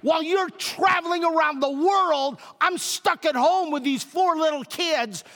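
A scolding wife in full sarcastic fury, shouting high and hard, put on by a man preaching. The voice rings out into a large reverberant hall. It is a mocking tirade delivered at full volume. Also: measured pace, full character voice. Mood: furious, sarcastic. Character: furious scolding wife, adult woman.

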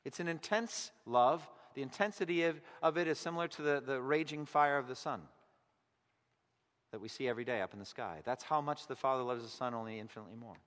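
A man preaching a sermon in an earnest way, his voice swelling loud on key words and then dropping to a hush. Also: medium pitch, fairly quick. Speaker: pastor. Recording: long echo of a large hall.

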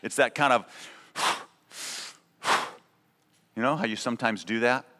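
A man's voice: mid-range voice, moderate pace, sharp tone. A man preaching a sermon as pastor, conversational and emphatic, often checking in with a "right?". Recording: long reverb of a large hall.

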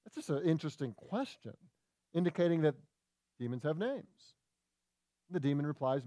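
A man preaching a sermon, animated and conversational, with quick asides and restarts. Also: a little high, dry recording, clean studio sound. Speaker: pastor.

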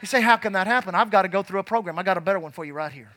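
A man preaching a sermon in church, fervent and rising to shouts, dropping low and quiet when telling his past. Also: racing.

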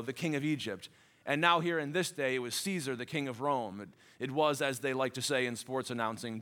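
A man preaching a sermon as a pastor, earnest, building to emphatic passages and dropping to soft, low endings.

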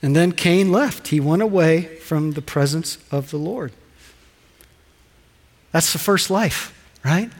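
Male pastor, high voice, animated sermon, lingering hall reverb. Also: slow, pauses often. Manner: animated preaching, rhetorical questions, dramatized quotes.

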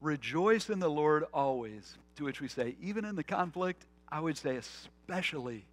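A male pastor preaching a conversational sermon, telling stories earnestly, restarting phrases, and slowing to a soft voice on key points. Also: a little high, expressive. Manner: earnest, storytelling, with frequent restarts.

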